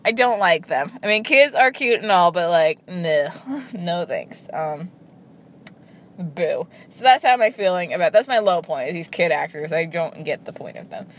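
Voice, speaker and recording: A woman chatting casually to camera, talking in quick bursts and restarting her sentences. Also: lowish voice, lively intonation, slight background noise. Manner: chatty, peppered with "like", frequent restarts. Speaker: vlogger. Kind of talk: casual chat.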